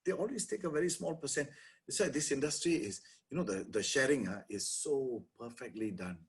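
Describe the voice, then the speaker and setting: A middle-aged man with a Singaporean accent, a lawyer giving an energetic, animated motivational webinar talk to property agents, dropping Singlish particles. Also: mid-range voice, fairly quick, slightly rough.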